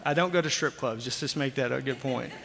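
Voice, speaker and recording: A man in his forties from Oklahoma, a pastor preaching a sermon with jokey, animated storytelling. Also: medium pitch, a little fast, gravelly. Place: church sanctuary. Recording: long hall reverb.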